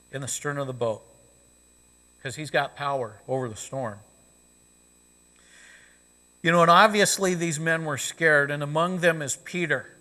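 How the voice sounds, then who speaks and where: A pastor with a slightly high, sharp voice preaches a sermon conversationally, frequently saying "you know." He speaks in a church sanctuary, whose long reverb fills the recording.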